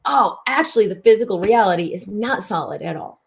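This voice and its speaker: A woman who is both host and physician presents a mind-body self-help broadcast in a mid-range, gravelly voice with lively intonation and a brisk pace. She speaks expressively, repeats words for emphasis, and slips into voicing inner thoughts.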